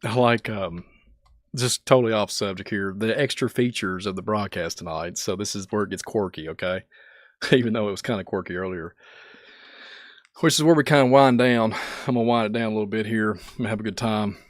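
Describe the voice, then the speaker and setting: Hoarse man chatting on a livestream. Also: fairly low pitch, a little fast, no echo, clean studio sound. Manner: laughs often, greets chat by name. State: sore throat, voice going out. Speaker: livestream host. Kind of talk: casual livestream chat.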